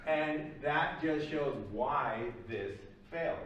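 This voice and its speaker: A man's voice: fairly high pitch, slow pace, fairly bright tone. A man giving a recorded psychology lecture, explaining loosely with many fillers. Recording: very echoey room, mic at a distance.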